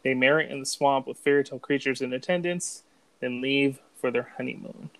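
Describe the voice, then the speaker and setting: A man's voice: mid-range voice, a little fast, fairly bright tone, rough recording. A young man co-hosting a podcast, chatting casually, joking and swearing freely. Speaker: podcast co-host. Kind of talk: casual chat.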